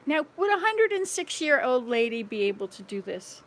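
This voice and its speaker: Chatty woman in her sixties, slightly high. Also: very animated, fairly quick, few pauses, a little hiss or hum. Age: 60s. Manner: chatty, rambling, playful, laughs at her own tongue-twister slips. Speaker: vlogger. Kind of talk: casual home vlog chat. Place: at home, walking from room to room.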